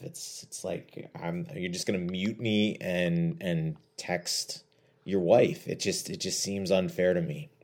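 A man with a very deep voice co-hosting a sports podcast. He rambles along playfully, full of fillers and asides. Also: warm tone, breathy edge. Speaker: podcast co-host. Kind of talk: casual podcast chat.

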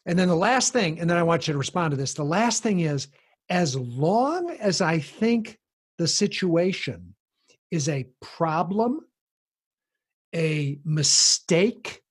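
A man explaining a parenting approach in conversation, animated and acting out the voices of people he quotes. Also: a little high, slightly rough.

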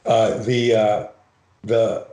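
Middle-aged Canadian-raised guest, lowish voice, animated, swearing storyteller, echoey room. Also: male voice, extremely slow, a little hiss or hum. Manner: animated, profane, acts out voices in his anecdotes. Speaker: podcast guest, self-defense and fear expert. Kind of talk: storytelling in a podcast conversation.

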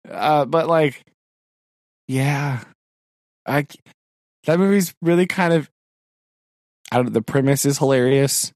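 A man co-hosting a podcast who chats about movies, lively and quick to laugh, with mock-dramatic complaints. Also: mid-range voice, no echo, studio quality. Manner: animated, laughs often, exaggerated complaints. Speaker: podcast co-host. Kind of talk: casual movie chat.

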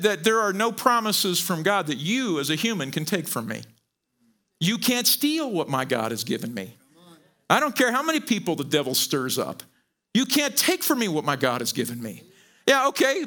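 A middle-aged man preaching a sermon, animated and joking, often repeating his words as he goes. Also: high-pitched, normal speed. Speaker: pastor.

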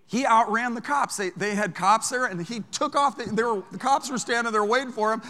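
A man preaching as a pastor, telling stories in an animated way that moves from hushed to loud. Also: very high-pitched, fairly quick, hardly any pauses. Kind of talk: storytelling sermon. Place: large church sanctuary. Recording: long church hall reverb.

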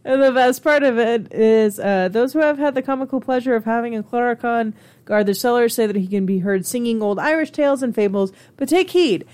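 A woman's voice: on the high side, brisk, a little mellow. Giggly woman reading folklore aloud. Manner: giggly, reads then riffs with swearing. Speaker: host reading fairy lore. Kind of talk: casual chat and reading aloud.

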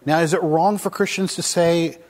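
A man's voice: on the high side, fairly even intonation, moderate pace, darkish tone. A man preaching a casual, conversational sermon to a congregation, asking them questions as he goes. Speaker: pastor. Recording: long hall reverb.

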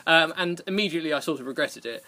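Bright, chatty man telling stories. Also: fairly high pitch, quick pace. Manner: rambling, self-deprecating, laughs often. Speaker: podcast host. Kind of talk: casual storytelling chat.

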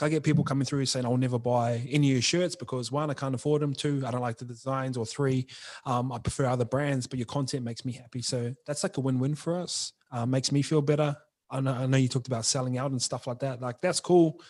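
A man's voice: mid-range voice, darkish tone. A young man, a brand founder talking frankly and casually as a podcast guest, full of slang. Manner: slangy, frank, says bro and like often.

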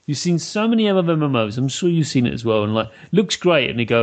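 A man's voice: medium pitch, very animated, fast. A British man hosting a podcast interview, chatty and enthusiastic, laughing often. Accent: British English. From Britain. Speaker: podcast host. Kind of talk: casual interview chat.

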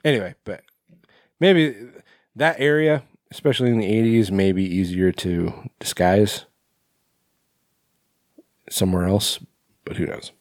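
A man with a low voice co-hosting a podcast in loose, rambling chat. He swears freely and leans on fillers as he talks. The sound is dry and close. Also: unhurried, pauses often, no room sound. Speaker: podcast co-host. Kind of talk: casual chat.

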